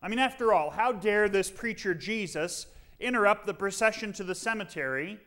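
A man with a high-pitched, expressive, slightly bright voice preaches a sermon as a pastor. He is dramatic, fires off rhetorical questions, and relies on slow, emphatic pauses.

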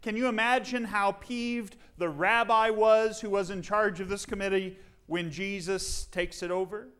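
Slow, emphatic male preacher. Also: high-pitched, fairly even intonation, a bit bright, clear, resonant tone. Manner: dramatic, rhetorical questions with slow emphatic pauses. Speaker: pastor. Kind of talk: sermon.

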